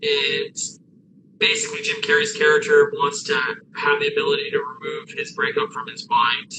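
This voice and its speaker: A man's voice: on the high side, fairly even intonation, normal speed. A man co-hosting a casual podcast, enthusiastic and swearing freely, his voice breaking into glitchy robotic call audio. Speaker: podcast co-host. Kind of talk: casual chat. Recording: noisy remote call line.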